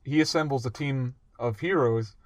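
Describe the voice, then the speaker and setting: A man co-hosting a casual podcast, excitable, laughing often and jumping in with ideas. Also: mid-range voice, normal speed, dry recording. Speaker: podcast co-host. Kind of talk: casual chat.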